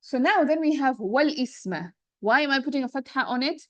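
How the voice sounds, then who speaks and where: A woman's voice: high-pitched, animated, no room sound, lo-fi sound. Patient woman teaching Arabic grammar. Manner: patient, explanatory, checks in with students; reads Arabic quickly, then explains slowly. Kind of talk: classroom lesson, explaining and translating a text.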